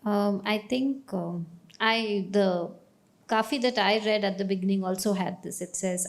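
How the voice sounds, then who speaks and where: A woman's voice: mid-range voice, unhurried. A woman moderating a book panel, talking hesitantly while she searches for her words. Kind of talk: panel discussion.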